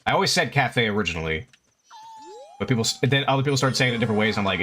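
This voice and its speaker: A man's voice: medium pitch, animated, racing, fairly bright tone, a little hiss or hum. A young man casually commenting while he plays a video game, chatty and swearing freely, talking to his chat and to the game. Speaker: streamer. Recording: faint game music behind.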